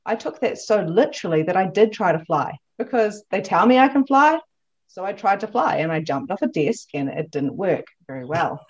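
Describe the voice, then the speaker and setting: A woman hosting a podcast, chatting casually and telling animated stories with frequent laughter. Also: mid-range voice, normal speed, muffled recording. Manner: animated storyteller, laughs often. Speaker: podcast host. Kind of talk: casual chat.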